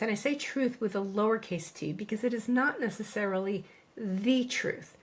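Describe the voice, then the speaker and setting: A middle-aged woman, a veterinarian and coach, co-hosting a podcast and talking listeners through their thoughts in a calm, reassuring way, slowing down to stress key phrases. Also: mid-range voice, husky. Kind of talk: scripted podcast monologue.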